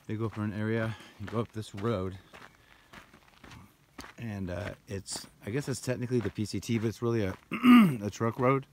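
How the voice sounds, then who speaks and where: A low-voiced man talks through his hike in a loose, rambling way, pointing out the trail ahead as he walks. He is recorded outdoors on a handheld camera, with a faint hiss of wind and noise behind him. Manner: rambling, breathy while climbing, pointing out the route. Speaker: hiker vlogger. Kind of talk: casual trail vlog narration. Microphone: handheld camera while walking.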